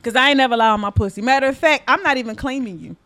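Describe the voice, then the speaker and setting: A woman hosting a podcast, talking in casual chat, blunt and profane, telling animated stories. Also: sits high, very fast. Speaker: podcast host.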